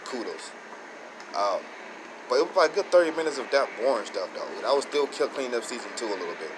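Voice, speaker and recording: A man hosting his own channel, giving a rambling, excited casual review with many restarts and self-corrections. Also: mid-range voice, quick pace, background noise. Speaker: show host reviewing episodes.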